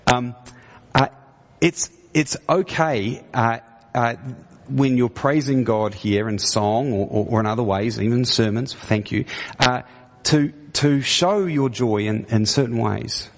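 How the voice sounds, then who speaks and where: A man delivers a conversational sermon, his husky voice carrying a long echo through the church hall. He stumbles and restarts often, then rises into pointed, emphatic questions. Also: medium pitch, slow pace. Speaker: preacher.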